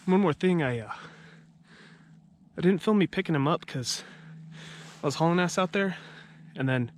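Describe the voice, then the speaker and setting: Slightly out of breath after a long walk, a duck hunter films a casual vlog outdoors by a river. His voice is a little high and animated at a moderate pace, with slight background noise. He's chatty and rambling, addressing his viewers as guys.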